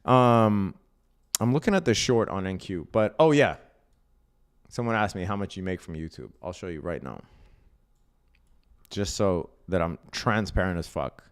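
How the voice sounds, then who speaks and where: A man's voice: deep voice, expressive, normal speed, long pauses, clear, resonant tone. A man casually explaining day trading on a live stream, reading out viewer comments and answering bluntly, often with a tag "right?" and some swearing. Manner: blunt, profane, keeps asking "right?"; reads out and answers viewer chat.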